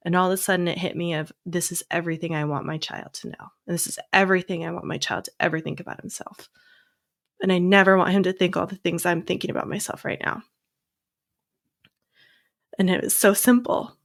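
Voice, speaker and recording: A woman in her thirties, a therapist co-hosting a podcast, talking in an encouraging way and reading uplifting lines slowly. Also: lowish voice, steady tone. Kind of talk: casual podcast chat.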